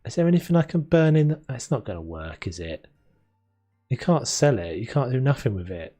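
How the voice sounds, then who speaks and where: Chatty male game streamer, lively pitch. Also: moderate pace. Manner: rambling, chatty, talks to chat and laughs often. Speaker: live streamer playing a renovation game. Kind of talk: casual gameplay commentary. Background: faint game music.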